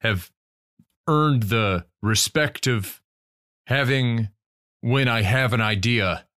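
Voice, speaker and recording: A man playing a tabletop game, speaking slowly and haltingly in a mock-proud way. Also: mid-range voice, a bit bright. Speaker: player. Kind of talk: in-character tabletop play.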